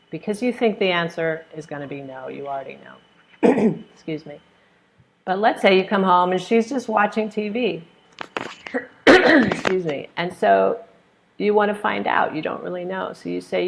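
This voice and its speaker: An American woman leads a live online pronunciation class over a computer microphone. Her voice sits low for a woman and carries a gravelly edge. She explains patiently with examples and reads out viewers' questions in a friendly tone. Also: normal speed. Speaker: English pronunciation teacher. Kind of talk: live online webinar lesson.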